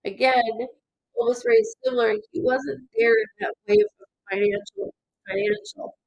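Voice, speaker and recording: Gravelly woman giving psychic readings. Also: high voice, big pitch swings, highs cut off. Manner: halting, fillers, reading to viewers by name. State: stuffed up from crying. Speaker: psychic medium host. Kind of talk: live-stream psychic reading, casual.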